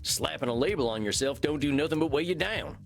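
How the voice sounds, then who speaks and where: A drawling therapist. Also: male voice, a little high, lively intonation, quick pace, creaky, slight background noise. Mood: folksy. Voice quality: folksy drawl. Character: folksy easygoing male cowboy therapist. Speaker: therapist in a video game. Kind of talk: video game voice acting.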